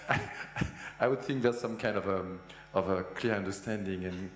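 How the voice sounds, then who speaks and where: Man with a French accent, conference host, hesitant and stammering, low voice, echoey hall. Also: moderate pace.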